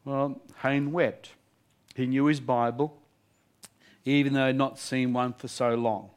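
A male preacher telling a story in a sermon, lively and animated, often laughing between lines. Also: mid-range voice, unhurried, smooth.

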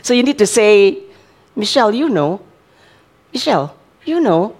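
A woman's voice: medium pitch, sing-song, a little slow, a little mellow. An older woman, a grandmother, preaching a sermon in a conversational way, often checking with listeners and laughing.

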